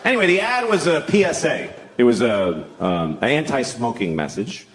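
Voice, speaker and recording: A sardonic man doing a stand-up set on a club stage, building to shouted rants, over a loud crowd. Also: medium pitch, very animated, moderate pace. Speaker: stand-up comedian.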